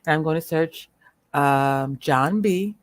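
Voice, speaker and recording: A woman hosting a livestream, speaking bluntly and with profanity as she rants at viewers, slowing down to stress her words. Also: sits low, no room sound. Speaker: livestream host. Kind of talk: unscripted livestream commentary.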